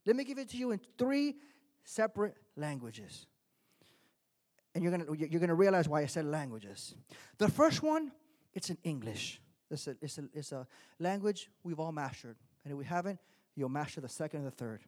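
A male pastor from Miami preaching a sermon, swinging from quiet asides to loud emphatic points. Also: a little high, very animated, moderate pace. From Miami, United States.

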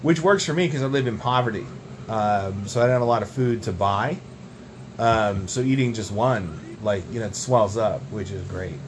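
Young dude rambling deadpan about silly stuff, podcast banter, bit of background noise. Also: male voice, lowish voice, normal speed. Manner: deadpan rambling, tall tales. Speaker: podcast co-host. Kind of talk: absurd comedic banter.

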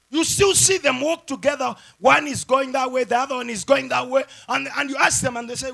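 A pastor preaching a sermon with emphatic repeated phrases, swinging from loud shouted lines down to quiet asides. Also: male voice, extremely high pitch, a little fast, vocal fry, hardly any pauses.

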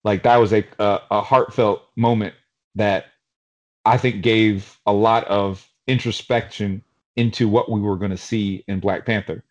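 A man from Queens, New York, co-hosting a podcast in casual chat, telling stories in an animated, rambling way with lots of fillers. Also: on the low side, measured pace. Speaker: podcast co-host.

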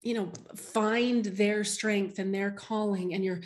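A woman's voice: mid-range voice, fairly even intonation, slow. A middle-aged woman, a medium, shares a personal story in an interview. She speaks with heartfelt emotion and keeps restarting her sentences as she goes.

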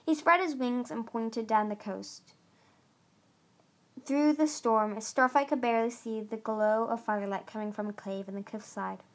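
A woman's voice: fairly high pitch, normal speed. A woman reading a novel chapter aloud, earnest, with occasional stumbles and restarts. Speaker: audiobook reader.

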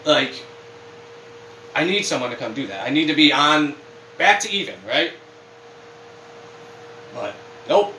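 Profane, animated man ranting in a roomy space. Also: on the high side, measured pace, pauses often, distant mic, a little hiss or hum. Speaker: podcast co-host. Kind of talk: casual banter podcast. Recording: roomy echo with faint ambience.

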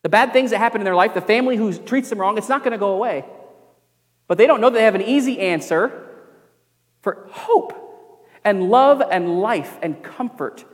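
A young man delivers a sermon from the pulpit in a fairly high voice. He is earnest, leaning into emphatic lines and then sinking into quiet, personal confession. His words carry a long reverb from the church sanctuary around him. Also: fairly quick. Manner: earnest, swings from emphatic preaching to quiet confiding. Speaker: pastor.

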